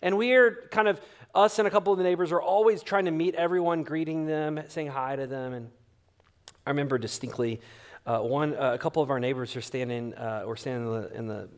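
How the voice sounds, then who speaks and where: A man's voice: on the high side, brisk. A male pastor, preaching a sermon and telling stories animatedly, acting out the dialogue. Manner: animated storyteller acting out quotes. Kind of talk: sermon with storytelling.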